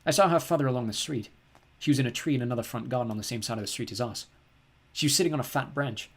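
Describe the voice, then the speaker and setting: A man reads an audiobook aloud in the first person. His husky, mid-pitched voice tells the story calmly and plainly. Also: fast talker. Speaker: audiobook reader.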